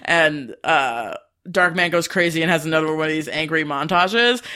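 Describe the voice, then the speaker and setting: A man's voice: fairly high pitch, normal speed, clear, resonant tone. A man co-hosting a casual movie podcast, recapping scenes with lots of laughter. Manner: animated storyteller, laughs while recapping. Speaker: podcast co-host.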